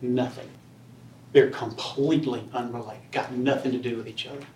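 A man defense attorney making a closing argument to a jury with forceful, repetitive persuasion. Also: medium pitch, steady tone, moderate pace, slight background noise. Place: courtroom. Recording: roomy distant courtroom audio.

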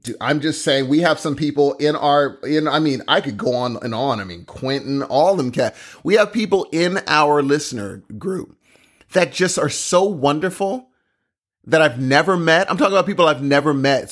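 A man's voice: a little high, expressive, normal speed. A man co-hosting a podcast, chatting and joking in a playful, sing-song way. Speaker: podcast co-host. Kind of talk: casual podcast banter.

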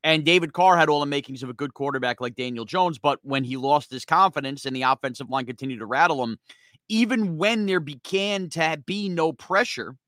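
A man hosting a sports podcast, ranting heatedly in a rapid-fire, fired-up way that gets loud at times. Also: a little high, no room sound. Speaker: sports talk podcast host.

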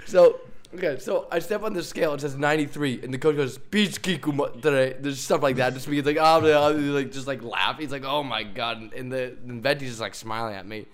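Young male podcast host, casual and lively storyteller, mid-range voice. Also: medium pitch, fairly quick. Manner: animated storytelling, laughing often, many fillers. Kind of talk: casual chat.

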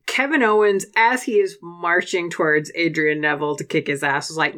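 A young adult woman co-hosting a podcast in casual chat, animated and sweary, laughing often. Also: mid-range voice, fairly quick, few pauses. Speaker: podcast co-host.

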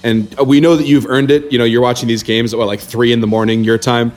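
A man's voice: mid-range voice, level tone, quick pace. Gushing, enthusiastic man podcast host. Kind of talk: casual podcast chat.

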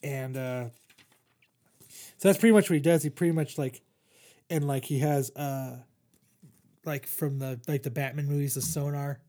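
A man's voice: on the high side, steady tone, moderate pace, pauses often, warm tone. A young man in casual chat, hosting a podcast and retelling a comic issue in a rambling, profane way full of fillers. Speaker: podcast host reviewing comics.

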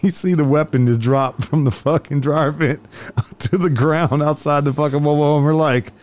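A man's voice: fairly high pitch, normal speed. Profane, laughing man telling stories. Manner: profane, laughing often, animated when quoting. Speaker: law enforcement officer telling stories. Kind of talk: casual storytelling chat.

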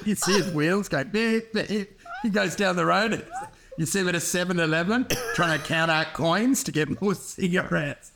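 Man, high-pitched, bright, rambling crude jokes, acts out voices, light hiss. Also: moderate pace. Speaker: podcast co-host. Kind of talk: crude comedic banter.

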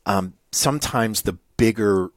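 A very low-voiced man with a New England accent talks through a podcast conversation. He is earnest and meandering, full of fillers and restarts. The sound is close and dry. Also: measured pace, no echo. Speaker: podcast co-host.

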